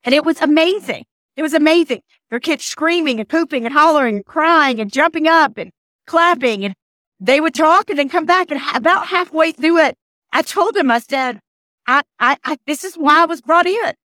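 A podcast host and motivational speaker tells a personal story with passion, sounding stuffy and nasal from a cold. Her voice is high and fairly bright at a normal speed, and she emphasizes points, repeats phrases and often restarts. The sound is dry and studio-quality, though she was recorded outdoors in the rain.

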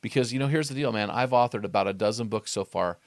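A man's voice: on the low side, quick pace, dry recording. A man hosting a podcast, telling stories in a casual chat and acting out the quotes. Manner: animated storyteller, acts out quotes. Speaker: podcast host.

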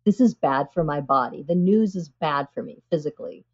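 An earnest woman guest with a fairly low voice, explaining with animated conviction and peppering her talk with "you know". The sound is dull and lo-fi, as if through a thin connection. She speaks as a psychiatrist being interviewed. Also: fairly quick.

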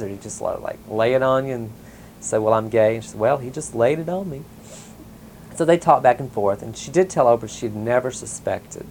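A man from the US South, telling a personal story in a casual interview, rambling with many ums and soft chuckles. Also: mid-range voice, a little hiss or hum, poor audio. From Mississippi, US South. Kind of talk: casual oral-history storytelling.

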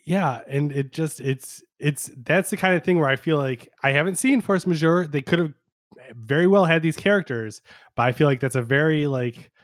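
A man's voice: fairly high pitch, normal speed. A man chatting casually as a stream guest about a movie, dry and agreeable with the odd joke. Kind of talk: casual movie review chat.

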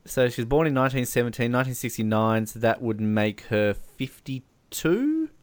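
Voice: mid-range voice, sing-song, moderate pace, no room sound. A podcast co-host in casual movie chat, enthusiastic and laughing often.

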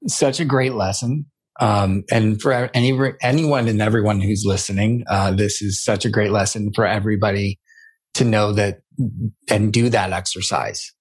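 Low-voiced guy hosting an interview, stumbles and restarts his questions, encouraging. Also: steady tone, moderate pace, breathy edge. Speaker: interview host. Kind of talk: podcast interview.

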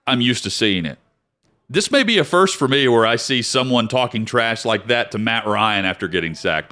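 A man's voice: mid-range voice, pushed and bright. A man co-hosting a sports talk show, making conversational points that build up in loose lists. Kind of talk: sports talk radio discussion.

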